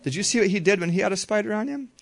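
A man teaching a group how to read the Bible, talking in a relaxed, conversational way and slowly repeating verses. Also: sits high, creaky. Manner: relaxed, conversational, slow careful repetition.

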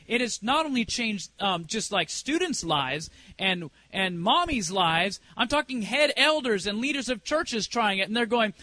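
A man's voice: sits high, expressive, normal speed, sharp tone, dry recording. A middle-aged man preaching a sermon as a preacher and singer, telling a personal story in a conversational way and asking the congregation questions.

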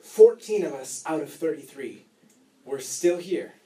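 A man voicing a young boy trapped under rubble who speaks with quiet, steady reassurance. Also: on the high side, measured pace, echoey room, recorded from a distance, rough recording. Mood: reassuring.

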